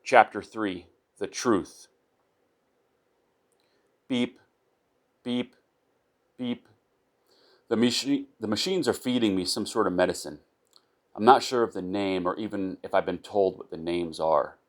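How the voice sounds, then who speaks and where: A man with a very low, deep voice reads a first-person story aloud. His delivery is unpolished, with small stumbles, restarts and repeated words along the way. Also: moderate pace. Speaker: narrator of his own short story.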